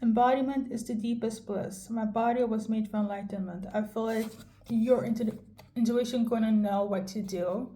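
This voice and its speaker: A woman's voice: medium pitch, warm tone. A woman giving a casual tarot reading straight to the viewer, chatty and candid, checking in with "okay?" as she goes. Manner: chatty, addresses viewer directly, frequent "okay?" check-ins; conversational and candid, occasional swearing. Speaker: tarot card reader. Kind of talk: casual intuitive card reading to camera.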